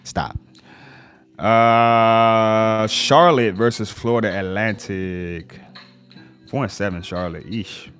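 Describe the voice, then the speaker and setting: A man's voice: fairly low pitch, slow, a bit bright, faint music behind. Laid-back man running through scores. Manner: laid-back, reacts to scores with slang asides. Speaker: sports livestream host. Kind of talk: casual score rundown.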